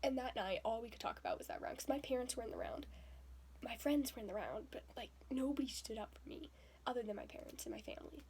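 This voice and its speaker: Animated young woman telling a story. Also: a little high, quick pace. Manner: animated retelling, acting out quotes with frequent breathy asides. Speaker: vlogger. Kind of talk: storytelling vlog. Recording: faint background noise.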